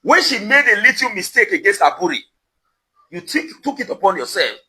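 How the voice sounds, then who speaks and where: A man's voice: high voice, sing-song, fairly quick, sharp tone, poor audio. A Nigerian man delivering a confrontational direct-to-camera rant outside his house, emphatic and accusatory, repeating his questions for effect. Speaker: social media commentator. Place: outdoors at his house compound.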